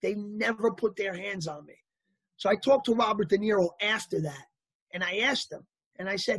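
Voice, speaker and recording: Male interview guest, husky and lively, telling anecdotes in a dry, close recording. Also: sits high, normal speed, no echo. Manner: animated anecdotal storyteller, acts out quotes. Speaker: actor guest. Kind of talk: casual storytelling interview.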